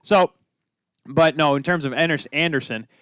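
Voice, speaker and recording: A man co-hosting a casual hockey podcast, opinionated and quick with asides. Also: a little high, a bit bright, no room sound, clean studio sound. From Minnesota. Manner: opinionated, talks fast with many asides. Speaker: podcast co-host. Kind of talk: casual sports chat.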